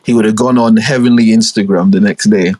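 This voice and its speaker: A man co-hosting a podcast, telling jokes in an animated, slangy way and acting out voices. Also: fairly low pitch, fairly quick, no echo. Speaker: podcast co-host. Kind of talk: casual comedic chat.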